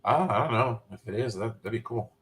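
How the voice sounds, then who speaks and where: A man chatting casually about a TV finale, relaxed and hesitant with fillers. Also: medium pitch, fairly quick. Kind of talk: casual spoiler chat.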